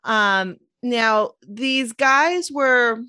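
A woman's voice: a little high, very slow, pushed and bright, no room sound. A woman hosting a podcast, telling personal stories in a chatty, casual way. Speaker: podcast host. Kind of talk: casual interview chat.

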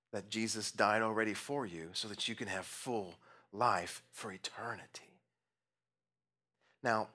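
A middle-aged pastor delivers an earnest, emphatic sermon, slowing down and dropping to near-whispers on key phrases while tossing in light humorous asides. His voice is fairly low in pitch, with a bright, forceful tone.

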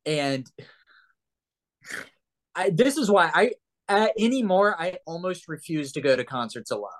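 This man has a high voice and takes his time. A guest on a casual chat show, he tells stories in an animated, rambling way, swearing and restarting his sentences.

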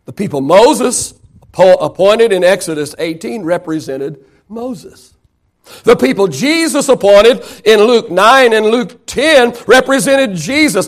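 A high-pitched man preaches from the pulpit. He pushes his voice up on key points and asks the congregation questions before answering them himself. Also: expressive, unhurried. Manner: preaching with rising emphasis and rhetorical questions. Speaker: pastor. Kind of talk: sermon.

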